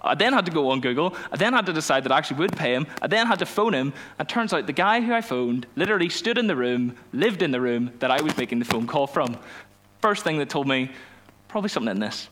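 A young man, a youth pastor telling a personal story in a sermon, animated and self-mocking, acting out the dialogue. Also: a little high, fast talker, a little hiss or hum. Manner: animated storytelling, laughs at himself, acts out dialogue.

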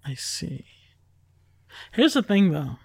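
A man in casual podcast chat, joking in a deadpan way. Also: a little high, takes it slowly, gravelly, breathy edge, no room sound. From United States. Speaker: podcast co-host.

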